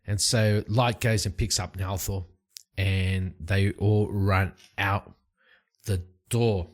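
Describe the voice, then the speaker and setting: Low-voiced guy talking slowly thru his solo rpg run at home, laid back, lots of uhs. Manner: relaxed, rambling, with fillers. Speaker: solo tabletop game player and channel host. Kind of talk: casual solo RPG narration.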